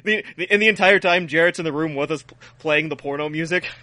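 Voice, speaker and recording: A man co-hosting a podcast, bantering casually in a deadpan, mock-boastful way and laughing often. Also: a little high, fast talker, slight background noise. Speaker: podcast co-host.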